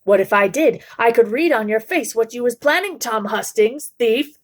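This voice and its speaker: A woman's voice: fairly high pitch, lively intonation, moderate pace. A woman voicing a greedy, sour old male shopkeeper who mutters and grumbles.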